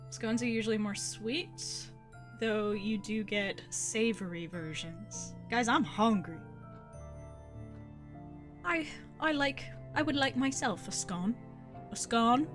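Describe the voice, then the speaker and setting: A woman from Ohio, USA, chats casually with her viewers while streaming a game, with music playing underneath. Her voice is fairly high and lively in intonation, her pace slow, and she giggles often and swears casually.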